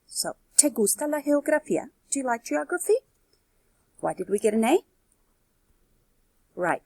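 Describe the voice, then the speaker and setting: A woman teaching Spanish in a recorded video lesson. Her voice has a gravelly, husky grain, and the recording is close and dry. She explains step by step and keeps checking in with her students. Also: mid-range voice, darkish tone, dry recording.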